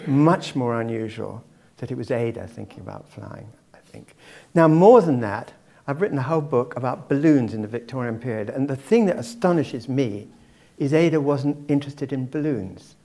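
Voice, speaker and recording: A man's voice: mid-range voice, gravelly, warm tone. A man giving a public lecture to a live audience, discursive and dropping wry asides.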